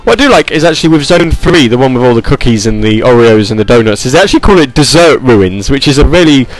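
A man's voice: medium pitch, expressive, fast talker, poor audio. A man hosting a gaming and music stream, chatting casually and rambling with fillers and asides. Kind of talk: casual chat.

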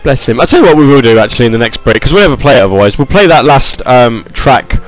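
A man's voice: mid-range voice, animated, fast, low-quality recording. A man hosting a gaming and music stream, chatting casually and rambling with fillers and asides. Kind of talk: casual chat.

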